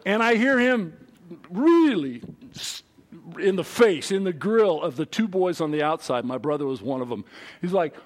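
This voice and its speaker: A middle-aged man preaching a sermon, telling a childhood story in an animated way, swinging from loud to quiet. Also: high-pitched, moderate pace. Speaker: pastor.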